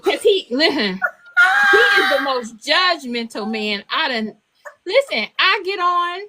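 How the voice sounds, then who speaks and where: An older woman, an author, telling stories on a podcast interview in a casual, animated way, laughing as she goes. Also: unhurried, very noisy. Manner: animated, laughing, acts out quotes in a high child voice. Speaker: author and guest.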